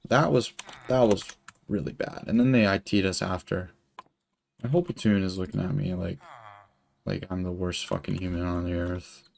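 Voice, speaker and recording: A man's voice: low voice, steady tone, normal speed, gravelly, darkish tone. A young man telling a long story while he plays a game, rambling and swearing, with lots of filler words. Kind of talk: casual storytelling while gaming.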